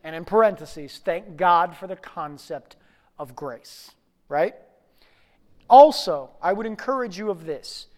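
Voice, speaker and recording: A pastor preaching a sermon, telling a story in an animated way that swings between quiet and loud. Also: medium pitch, unhurried.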